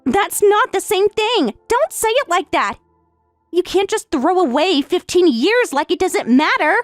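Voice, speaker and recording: A woman voicing an entitled young daughter who is about to marry, speaking in a shrill, indignant way. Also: sing-song, unhurried, dry recording, faint music behind, heavily acted.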